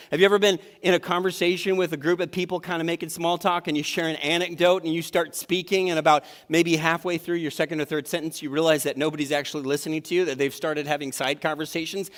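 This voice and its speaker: Male pastor preaching in a big echoing hall. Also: fairly high pitch. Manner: conversational, acts out inner thoughts. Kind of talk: sermon. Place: church sanctuary. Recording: long hall reverb.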